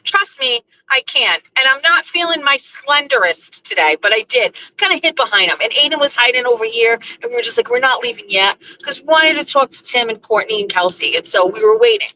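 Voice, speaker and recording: A woman's voice: a little high, lively intonation, fairly quick, hardly any pauses, sharp tone, rough recording. Chatty, profane woman talking while driving. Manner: chatty, scattered, blunt and profane. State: emotional and overwhelmed. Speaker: host. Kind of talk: casual live-stream chat while driving. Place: car, driving.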